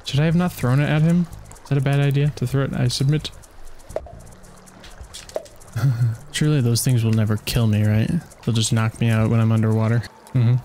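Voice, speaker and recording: A man's voice: medium pitch, little pitch movement, normal speed, pauses often, warm tone, soft background music. A man giving casual, chatty commentary while playing a video game, talking to himself and to the creatures on screen. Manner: chatty self-talk, talks to game creatures, frequent laughs. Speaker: let's play gamer.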